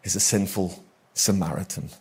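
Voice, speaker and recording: A man's voice: sits low, steady tone, normal speed, darkish tone, husky. Emphatic Northern Irish man preaching. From Northern Ireland. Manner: emphatic, repetitive, rhetorical questions to the congregation. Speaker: guest preacher. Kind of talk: sermon. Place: church hall, live congregation.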